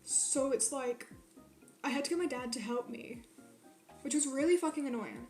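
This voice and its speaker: A woman's voice: sits high, moderate pace, darkish tone, soft background music. A young woman streaming to her chat, rambling and swearing a lot as she rants. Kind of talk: casual chat with live chat. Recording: roomy echo.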